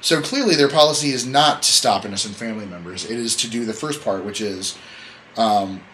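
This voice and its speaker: A man's voice: lowish voice, fairly quick, fairly bright tone, slight background noise, low-quality recording. A man hosting a casual podcast chat, telling a story in a rambling, joking way and correcting himself as he goes. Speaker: podcast host.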